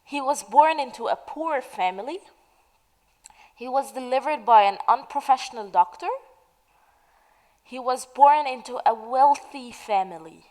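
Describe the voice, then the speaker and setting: A woman teaching the meaning of idioms in a slow, patient way, asking questions and then answering them. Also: high voice, darkish tone, in a large hall, rough recording. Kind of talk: slow explanatory lesson narration.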